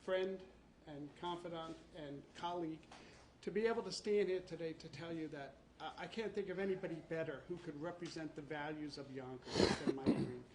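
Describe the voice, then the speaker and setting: A man with a New York accent introducing a candidate at an event, speaking haltingly with hesitations. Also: a little high, background noise. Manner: halting, with fillers and restarts. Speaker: city council member introducing a candidate. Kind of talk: speech introduction.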